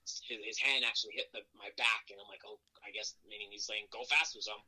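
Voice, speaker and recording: A man, a professional wrestler, telling stories from his career in a casual interview, animated and self-deprecating, acting out quotes and laughing often. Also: fast talker, breathy edge, low-quality recording. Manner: animated, acts out quotes with jumps in pitch.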